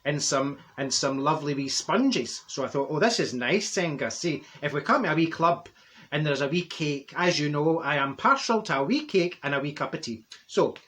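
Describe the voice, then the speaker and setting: A man with a slightly high, expressive, somewhat bright voice speaks at normal speed, playing a chatty older Glasgow woman in a Glaswegian Scottish accent. In this gossipy comic character monologue, he tells a rambling story and laughs at his own jokes.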